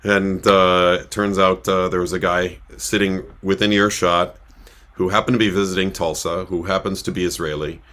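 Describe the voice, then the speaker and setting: A man's voice: deep voice, level tone, normal speed, fairly bright tone. A man who works as a cantor, telling a casual story in a rambling way with many filler sounds, speaking from a synagogue.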